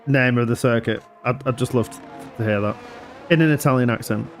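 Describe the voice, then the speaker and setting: A man's voice: medium pitch, a little fast, soft background music. A man commentating a sim racing league live in a casual, chatty way, often laughing and apologising.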